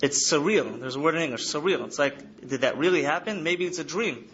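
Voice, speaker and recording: A man's voice: fairly high pitch, animated, brisk, a bit bright, highs cut off, a little hiss or hum. Earnest man speaking to students. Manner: earnest, repeats key phrases. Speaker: trauma counselor speaking to yeshiva students. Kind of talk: lecture to an audience. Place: study hall.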